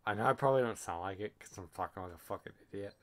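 A man streaming a game while drunk, talking in a rambling, self-deprecating way, swearing and trailing off into quiet mumbles. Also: lowish voice, racing. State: drunk, slurring. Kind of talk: casual gaming stream chat.

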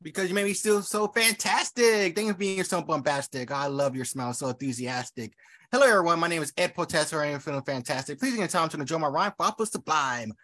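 A man's voice: a little high, fast, bright, forceful tone, dry recording. A man at an open mic reading rhyming poems, with playful banter and casual ums between pieces.

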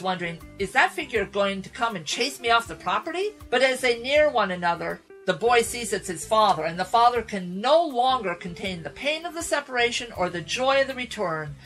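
A woman radio Bible teacher retelling a Bible story in a dramatic, animated way, speaking to listeners as folks. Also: a little high. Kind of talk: sermon storytelling.

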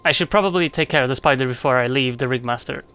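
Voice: medium pitch, fast talker, fairly bright tone, clean tone. A let's play commentator making joking asides while playing an adventure game. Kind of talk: gameplay commentary.

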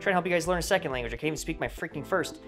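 A man giving a casual, energetic textbook review vlog, joking and poking fun at himself, with big jumps in pitch. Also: racing, faint music behind. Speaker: language-learning reviewer.

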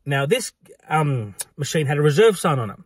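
A man's voice: fairly high pitch, moderate pace, husky, dry recording. A man in casual storytelling, animatedly acting out a run-in at his work, with frequent swearing. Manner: animated, acts out exchanges with swearing. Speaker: venue staff worker telling a story.

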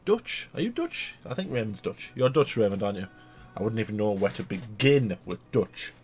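A man's voice: on the low side, brisk, a little mellow. A man with a Northern English accent chatting casually while watching a film, teasing and mock-provocative, laughing often. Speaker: reaction video co-host. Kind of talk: casual chat over a film.

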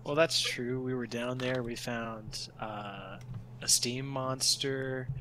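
A man's voice: medium pitch, takes it slowly, slight background noise. A man playing a tabletop game who chats casually and jokes with the table. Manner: joking, animated, laughs often. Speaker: player.

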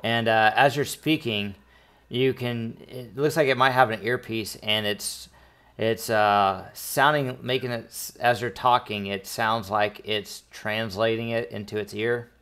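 A man's voice: on the low side, fairly even intonation, measured pace, a bit bright. A man narrating as game master of a tabletop game, rambling with many restarts.

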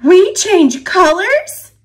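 A woman voicing an adventurous, curious young female birch leaf who sounds eager and excited. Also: extremely high pitch, takes it slowly, voice pushed up, full character voice.

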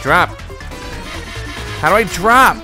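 A man's voice: sits high, lively intonation, slow pace. A man giving let's-play commentary on his own game, yelping and exclaiming when things go wrong. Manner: reacts loudly, yelps and exclaims under pressure. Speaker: gaming video host. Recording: music playing behind the voice.

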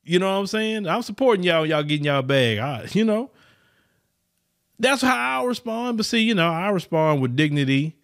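A man delivers fervent podcast commentary in a fairly high voice. His pitch swings widely as he hammers his points home. He repeats phrases and speaks straight to his listeners as y'all. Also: lively intonation, normal speed. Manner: preachy, repetitive, addresses listeners as y'all; mocks others in high put-on voices. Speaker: podcast host. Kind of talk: impassioned political commentary.

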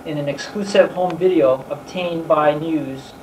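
An impression of a female TV news anchor, delivered in a crisp reporting cadence. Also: mid-range voice, measured pace, a little mellow, slight background noise, close to an everyday voice. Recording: echoey amateur camcorder audio from a distance.

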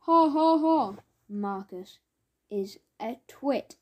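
A woman doing a shrill tattletale schoolboy. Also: animated, extremely slow, heavily acted. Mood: smug. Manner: shouty and whiny.

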